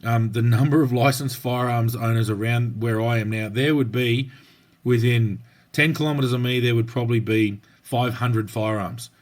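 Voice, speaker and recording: An Australian man co-hosting a podcast, swapping stories in blunt, slangy talk. His voice sits in an ordinary middle pitch. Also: steady tone, normal speed. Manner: blunt, colloquial storytelling with slang. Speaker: podcast co-host, former police officer. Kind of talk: casual podcast chat.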